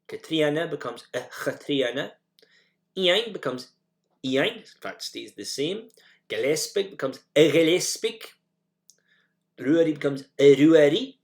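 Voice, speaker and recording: This teacher guides listeners through a recorded language lesson, his pitch rising and falling in a lively way. Each step gets a plain explanation, and he says the example phrases repeatedly for learners to copy, though a few fillers and restarts creep in.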